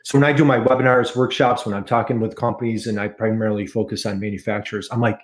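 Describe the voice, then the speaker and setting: A man's voice: on the low side, fairly even intonation, fast talker, few pauses. A middle-aged man with an American accent, a podcast guest chatting eagerly and repeating key figures for emphasis. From United States. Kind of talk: casual interview chat.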